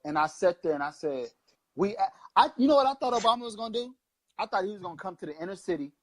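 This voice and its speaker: High-voiced and animated, this thirty-something man talks at a quick pace with a fairly bright tone. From Long Beach, California, he co-hosts a casual political chat show full of impassioned, profane, rambling preaching.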